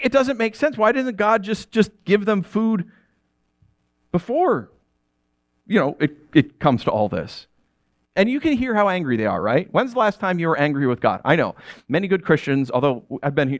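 A man's voice: fairly high pitch, no echo. A man in his thirties preaching a conversational sermon, telling stories and asking rhetorical questions. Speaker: pastor.

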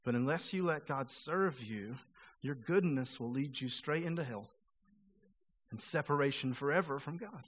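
A man's voice: medium pitch, normal speed, slightly rough. A male pastor preaching a sermon in a casual, conversational way, acting out quoted voices of the people he talks about.

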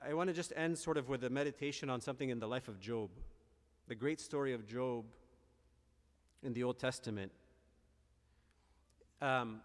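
Earnest priest preaching in a reverberant hall. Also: male voice, mid-range voice. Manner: earnest, reflective preaching with restarts and asides. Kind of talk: sermon.

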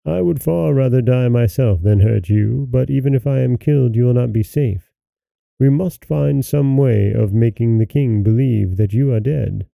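A man voicing a loyal captain of the guard in a storybook reading, speaking earnestly in a dark, gravelly voice. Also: mid-range voice, moderate pace, no room sound, low-quality recording.

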